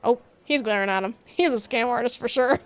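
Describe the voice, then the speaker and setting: A woman's voice: on the high side, fairly quick. A woman giving playful, giggly commentary while reading a dating-sim game aloud, with sarcastic asides. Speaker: gaming streamer. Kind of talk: casual let's-play commentary and reading aloud.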